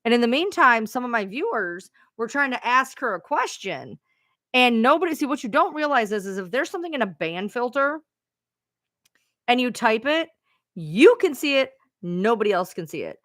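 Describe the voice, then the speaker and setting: A woman's voice: on the high side, very animated, normal speed, a bit bright, dry recording, studio quality. A woman live streamer casually telling a rambling story to her viewers, chatty and swearing freely.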